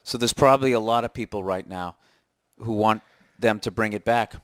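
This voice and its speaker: A man's voice: fairly low pitch, moderate pace, smooth, no room sound, clean studio sound. A man co-hosting a casual comedy podcast in an apartment, with sarcastic, teasing banter. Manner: sarcastic, teasing, reads aloud mockingly. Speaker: podcast co-host.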